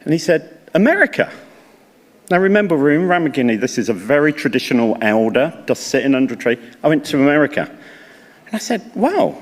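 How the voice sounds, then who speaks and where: A man's voice: mid-range voice, quick pace. An older man giving a chatty, story-filled speech to graduates at a ceremony. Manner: chatty, anecdotal, animated when quoting others. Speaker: university leader addressing graduates. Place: large hall. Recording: reverberant hall recording.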